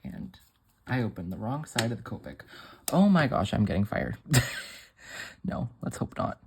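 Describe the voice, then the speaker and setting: A man's voice: medium pitch, sing-song, measured pace, long pauses, a little mellow, slightly rough. A man talking through a casual crafting tutorial, chatty and playful with joking asides. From Massachusetts. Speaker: craft demonstrator on a design team.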